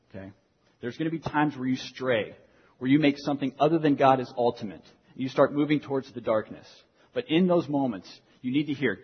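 Young male pastor, earnest sermon delivery, slightly husky, lo-fi recording with long hall reverb. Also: mid-range voice. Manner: earnest, repeats key phrases for emphasis. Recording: dull lo-fi sound in a reverberant hall.

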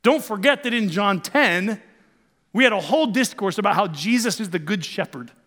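A man's voice: high-pitched, lively intonation, moderate pace, a bit bright, in a large hall. A male pastor preaching a sermon in a church, talking conversationally with rhetorical questions and emphatic swings.

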